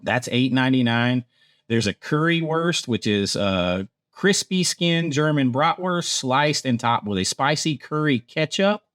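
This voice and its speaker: A theme park vlogger from Georgia, USA, casually runs through food menus, laughing at himself as he trips over foreign words. His medium-pitched voice is animated and a bit bright, at a measured pace. The recording is dry and clean, with studio sound.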